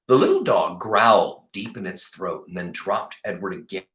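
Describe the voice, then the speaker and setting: Brief: low-voiced male teacher doing an animated read-aloud, echoey room. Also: normal speed. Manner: expressive, animated storytelling. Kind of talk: reading a novel aloud to a class.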